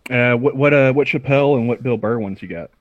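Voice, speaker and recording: A man's voice: medium pitch, fairly quick, no echo, highs cut off. A man in a casual group chat, hesitant and often repeating his words.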